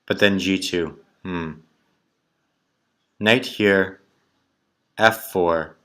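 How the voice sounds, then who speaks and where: Very slowly, in a low voice with a slightly bright quality, a chess player reasons aloud through tactics puzzles. His moves come out as short, clipped mutters while he calculates.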